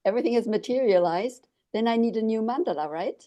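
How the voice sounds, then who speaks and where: A woman's voice: on the high side, fast talker, warm tone. Curious woman host asking questions. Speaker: interview host. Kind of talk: casual interview conversation.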